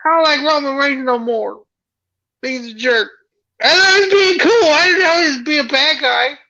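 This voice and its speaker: Naive, weepy sidekick with a high, bright voice on a muffled recording, a performer doing the role. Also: normal speed. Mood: tearful. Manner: rambling and earnest, tearful at times. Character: naive childlike wrestling sidekick, weepy and sweet. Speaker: sidekick co-host. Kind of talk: comedy wrestling sketch.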